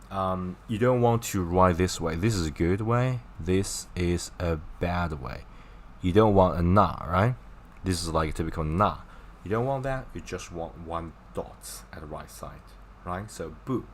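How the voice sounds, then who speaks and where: Slow, deep-voiced male language teacher. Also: a little hiss or hum. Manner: chatty, explains with gestures and repeated examples. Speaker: Chinese teacher. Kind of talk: casual online language lesson.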